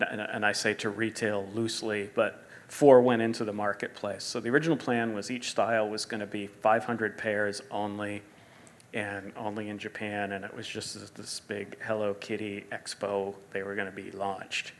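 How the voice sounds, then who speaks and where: A middle-aged man, a sneaker designer as guest, telling animated stories at a live store interview and acting out quotes. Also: fairly low pitch, moderate pace. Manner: animated storyteller, acts out quotes, laughs often. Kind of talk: live stage interview storytelling.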